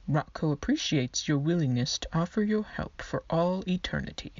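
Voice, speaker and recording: A woman's voice: low-pitched, expressive, moderate pace, darkish tone, dry recording. A woman voicing a goofy, fussy male skeleton clerk who talks down to people in an awful fake accent. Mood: condescending. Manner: terrible fake put-on accent. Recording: dull lo-fi dry recording.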